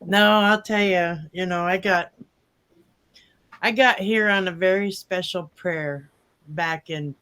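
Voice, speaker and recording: A man's voice: sits high, fairly even intonation, slow pace, bright, forceful tone, smooth. An older man telling a personal story in a folksy, rambling way with many fillers. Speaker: testimonial speaker. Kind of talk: casual personal testimony.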